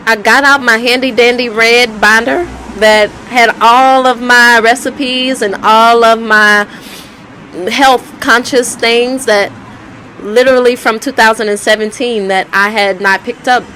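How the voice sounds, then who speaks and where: A woman's voice: fairly high pitch, steady tone, unhurried, bright, forceful tone, slight background noise, poor audio. A woman telling her life story in a candid, conversational way, often repeating herself. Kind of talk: personal storytelling vlog.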